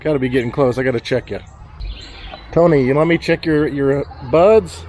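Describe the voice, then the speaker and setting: A man's voice: normal speed, darkish tone, slight background noise. A man, casually vlogging outdoors on his farm, a bit out of breath as he hurries around and talks to his animals. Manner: talks to his goats, calls out to animals in a high voice. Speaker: homesteading vlogger.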